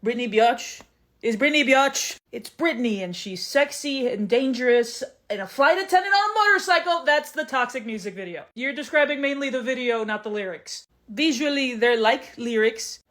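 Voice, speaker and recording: A woman comedian performing sketches and stand-up with dry, deadpan comebacks. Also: fairly high pitch, normal speed, hardly any pauses.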